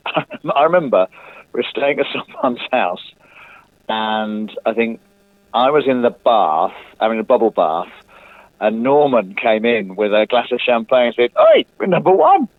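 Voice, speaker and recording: A man's voice: fairly low pitch, a little slow, no room sound. Middle-aged man, chatty, self-mocking, tinny phone line, dry sound. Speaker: guest musician. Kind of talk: casual phone interview.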